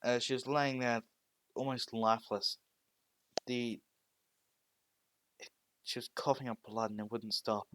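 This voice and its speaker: A man's voice: medium pitch, fairly even intonation, a little slow, long pauses, fairly bright tone. A man narrating an improvised fan story in a rambling way, with frequent restarts and "well"s.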